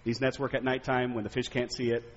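A man playing a tired fisherman who grudgingly humors someone with forced patience, speaking lower and quieter than his own voice. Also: flat delivery, quick pace, a little hiss or hum, natural voice. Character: weary adult male fisherman, grudgingly patient. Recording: echoey hall, dull lo-fi sound.

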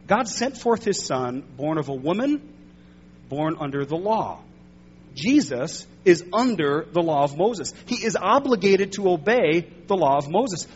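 High-voiced guy preaching, slows down and pushes hard on big points, kinda dull recording w a faint hum. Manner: emphatic preaching, swelling louder and slowing for stress. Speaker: pastor. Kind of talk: sermon.

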